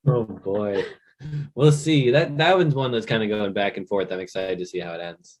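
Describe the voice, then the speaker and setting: A man's voice: on the low side, normal speed, darkish tone. A young man co-hosting a casual podcast chat, speaking hesitantly with a dry sense of humor. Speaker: podcast co-host.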